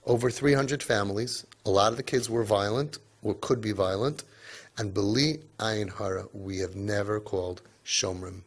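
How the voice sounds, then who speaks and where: A man lecturing parents, emphatic, tossing in asides and Yiddish and Hebrew words, his pitch and loudness swinging for emphasis. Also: moderate pace, husky. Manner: emphatic, with many asides of "right?" and "okay?". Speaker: parenting speaker.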